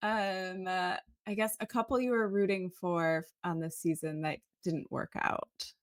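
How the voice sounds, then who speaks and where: A woman's voice: fairly low pitch, steady tone, measured pace, no room sound, clean studio sound. A woman co-hosting a podcast in casual chat, upbeat and laughing often. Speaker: podcast co-host.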